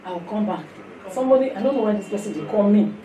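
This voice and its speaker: A woman preaching, telling a testimony in animated storytelling that slips into pidgin, then leading prayer. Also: mid-range voice, quick pace, crowd noise. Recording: echoey hall from far off.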